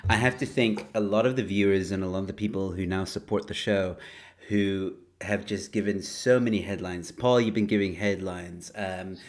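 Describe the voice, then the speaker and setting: A man's voice: deep voice, fairly even intonation, moderate pace. A man hosting a comedy headline show, switching between upbeat announcer intros and loose, chatty asides. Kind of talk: casual comedic podcast hosting.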